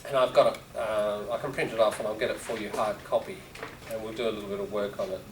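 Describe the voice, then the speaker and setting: A man's voice: on the low side, steady tone, fast, slight background noise. A man teaching a class in a casual, rambling lecture with asides to students. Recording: roomy classroom, voice from a distance.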